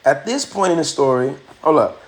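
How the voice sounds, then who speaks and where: A man, hosting a livestream and telling a story casually, slangy and animated, repeating phrases for effect. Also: a little high, moderate pace. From Miami, USA. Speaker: livestream host.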